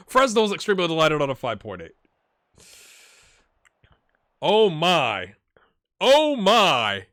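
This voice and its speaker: Lively, bright-voiced male gaming host. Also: fairly high pitch, slow pace, long pauses, no room sound, clean studio sound. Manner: chatty, excitable, talks straight to viewers. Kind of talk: live game commentary.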